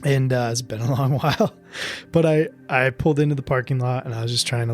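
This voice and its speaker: A man hosting a casual podcast chat, his voice sitting at an ordinary middle pitch. He tells rambling stories in a loose, laid-back way, swearing freely and laughing as he goes. Faint music sits low in the background. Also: fairly even intonation, fairly quick. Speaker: podcast host. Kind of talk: casual conversation, storytelling.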